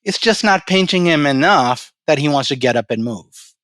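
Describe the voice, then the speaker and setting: A man voicing a laid-back old farmer in a spoken anecdote, calm and matter-of-fact. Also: a little high, normal speed, no room sound.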